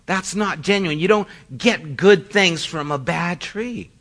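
A middle-aged male pastor preaches a sermon in a conversational, storytelling way, poking fun at himself with self-deprecating asides. His voice is high-pitched, slow and a bit bright.

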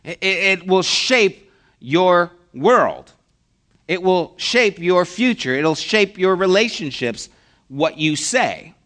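A man's voice: high-pitched, big pitch swings, slow pace. Conversational male pastor preaching. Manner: conversational preaching, acts out mock dialogues, drops to a hushed voice. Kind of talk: sermon.

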